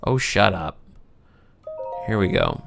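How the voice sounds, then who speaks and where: A man's voice: fairly low pitch, sing-song, slow pace, creaky, music in the background. A man in his thirties with a Southern US accent, hosting a let's play and commenting on his gameplay, often frustrated and talking straight to viewers. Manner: frustrated, talks to viewers, loud outbursts.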